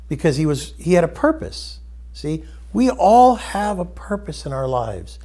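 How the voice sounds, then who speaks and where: A man hosting a spiritual discussion, retelling a story in a loose, rambling way and dropping into soft quoted voices. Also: on the high side, animated, normal speed. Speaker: host.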